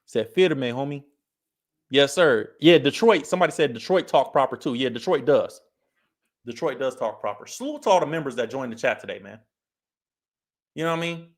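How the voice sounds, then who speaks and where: A man's voice: mid-range voice, lively intonation, a little fast, pauses often. A man from California hosting a casual livestream, laid-back, laughing often as he reads chat comments aloud. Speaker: livestream host.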